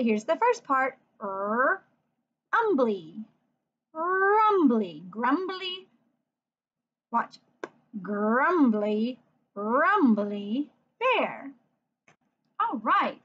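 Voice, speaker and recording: A woman teacher giving a phonics lesson for young children, sounding words out slowly letter by letter and asking encouraging questions. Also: high voice, fairly bright tone, muffled recording. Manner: encouraging, asks the listener questions.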